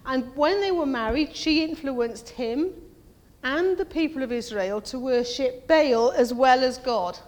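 A woman's voice: unhurried, darkish tone. Woman preaching in a reverberant church. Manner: conversational, asks the congregation questions; acts out quoted voices in a higher pitch. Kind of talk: sermon. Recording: long reverb of a church hall.

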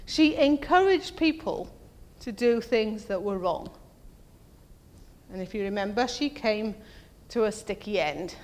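Unhurried and animated, with a slightly mellow tone, a woman preaches conversationally in a church. She questions the congregation and acts out quoted voices at a higher pitch, all echoing with a church hall's long reverb.

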